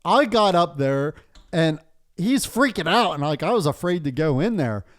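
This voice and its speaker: A man's voice: on the high side, very animated, moderate pace. A man from Pennsylvania hosting a podcast, telling a story in casual chat, swearing often and laughing through it. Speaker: podcast host.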